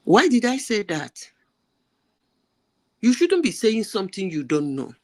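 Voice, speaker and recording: A woman's voice: mid-range voice, big pitch swings, measured pace. A woman making emphatic, scornful points in a heated political discussion over online call audio. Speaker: panelist.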